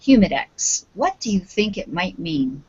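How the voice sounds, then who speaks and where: Slow, patient Canadian woman teaching online. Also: fairly low pitch, big pitch swings, a little mellow, husky. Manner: slow, patient, prompting students. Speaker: English teacher. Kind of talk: online English lesson. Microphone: video call. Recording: dull lo-fi video call audio.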